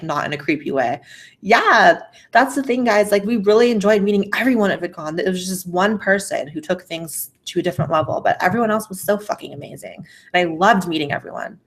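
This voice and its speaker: A woman hosts a casual livestream and reads viewer messages aloud in a blunt, profane, sassy way. Her voice sits a little low. Her microphone is faulty and keeps cutting out. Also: a little fast. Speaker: livestream host. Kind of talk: casual livestream chat, reading super chats.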